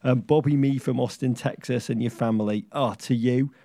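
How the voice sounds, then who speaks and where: A man's voice: medium pitch, fairly even intonation, normal speed, mellow, no room sound. A man co-hosting a casual podcast chat, wry and theatrical, raising toasts with flourishes. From England. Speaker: podcast co-host.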